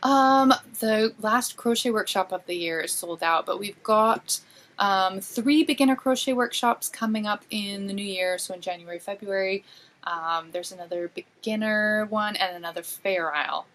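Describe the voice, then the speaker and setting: A woman's voice: medium pitch, normal speed, fairly bright tone, low-quality recording. A woman guest who dyes yarn, chatting casually in an easygoing, self-deprecating way. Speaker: podcast guest, yarn dyer. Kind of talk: casual chat.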